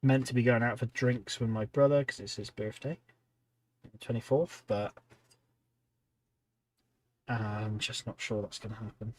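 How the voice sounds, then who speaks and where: Painting miniatures on a hobby livestream, a tired man rambles chattily, stumbling over ums and restarts and reading out chat. He speaks at medium pitch in a steady, measured way with frequent pauses, over a slight hiss or hum.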